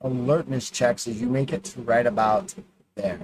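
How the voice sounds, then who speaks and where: A man's voice: mid-range voice, fairly even intonation, normal speed, noisy background. A man narrating and running a tabletop role-playing game in a casual way. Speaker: game master.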